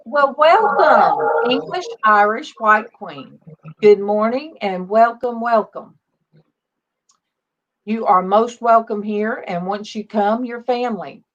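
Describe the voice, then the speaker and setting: A woman's voice: medium pitch, takes it slowly, a bit bright. A woman in her fifties hosting a casual faith livestream, chatty and greeting viewers by name. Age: 50s. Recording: dull lo-fi stream audio.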